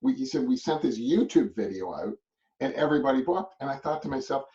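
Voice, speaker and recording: A man giving a motivational real estate business talk, animated and storytelling, with lots of restarts and tag questions. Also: medium pitch, brisk, recorded from a distance. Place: a web call. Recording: muffled audio from off mic.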